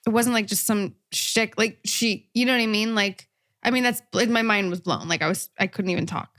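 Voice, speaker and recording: A woman co-hosting a podcast, excitable and full of quick reactions and fillers in casual chat. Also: mid-range voice. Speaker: podcast co-host.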